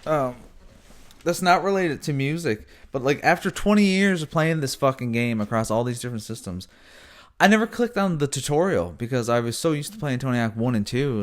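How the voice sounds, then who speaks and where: A man's voice: mid-range voice, expressive, a little fast. A man rambling casually about a video game, swearing freely and breaking off to scold his cats. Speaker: gaming vlogger. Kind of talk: casual rambling chat to camera.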